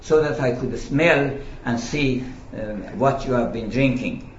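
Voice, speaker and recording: A man voicing a stern male religious policeman who barks demanding questions, told in a slow, echoey, lo-fi recording. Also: mid-range voice, background noise, lightly acted. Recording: echoey, dull lo-fi room recording.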